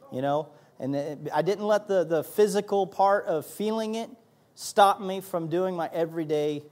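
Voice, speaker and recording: Man, associate pastor, sermon, high voice, emphatic, animated, repeats words.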